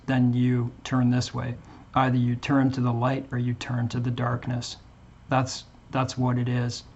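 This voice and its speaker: A man talking earnestly to his viewers as a Christian channel host, in a halting way with frequent restarts. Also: mid-range voice, slightly rough, lo-fi sound. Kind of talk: earnest casual monologue to viewers.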